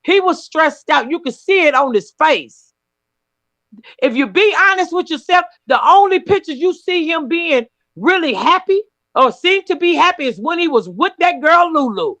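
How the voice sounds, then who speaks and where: A woman's voice: extremely high pitch, lively intonation, normal speed, a bit bright, no room sound, muffled recording. A woman co-hosting a live stream, talking earnestly and repeating her points in casual chat. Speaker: co-host.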